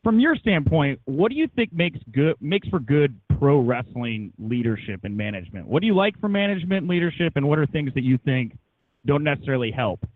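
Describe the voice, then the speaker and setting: A man's voice: on the high side, big pitch swings, fairly quick, dry recording. A man, a wrestling reporter, calling in to ask questions on a conference call in a friendly, bantering tone over the phone. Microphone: telephone. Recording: dry, tinny phone line.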